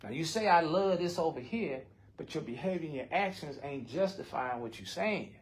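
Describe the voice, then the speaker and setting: A man's voice: a little high, expressive, moderate pace. Blunt, profane older man. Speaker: recovery group member. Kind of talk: support circle sharing.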